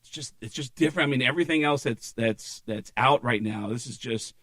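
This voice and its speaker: A man's voice: medium pitch, brisk, fairly bright tone, dry recording. A man in his forties from Arizona, telling rambling stories as a guest on a casual podcast. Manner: rambling storyteller, lots of fillers. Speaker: comedian guest.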